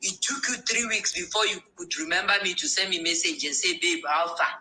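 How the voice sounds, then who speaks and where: A woman's voice: fairly low pitch, a little fast, sharp tone, poor audio. A woman with a Nigerian accent in a frank casual discussion, telling a story animatedly and acting out both sides of the dialogue. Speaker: co-host.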